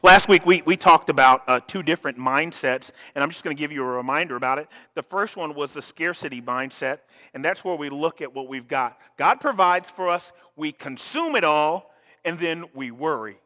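A man preaching a sermon as pastor in a church, animated, with many restarts and questions thrown to the congregation. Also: on the high side, moderate pace, long reverb tail. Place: church sanctuary.

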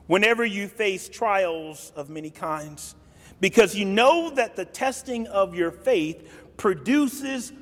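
A male pastor preaches in an unhurried, deliberate way, acting out the story with sudden swings between loud and hushed lines. His voice sits high for a man. The sound rings with the long reverb of a large church hall. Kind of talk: sermon.

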